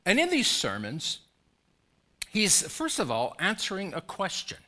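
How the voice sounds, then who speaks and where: A male pastor preaches with a bright, forceful voice that swings widely in pitch. He presses his congregation with urgent, repeated questions and pleas, his voice sitting a touch high for a man. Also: huge pitch swings, measured pace. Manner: urgent, pleading preaching with emphatic repetition. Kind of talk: sermon.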